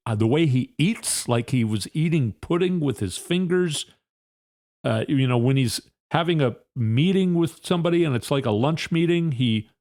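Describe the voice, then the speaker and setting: A man hosting a podcast, giving a rambling, opinionated political commentary with frequent fillers. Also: mid-range voice. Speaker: podcast host.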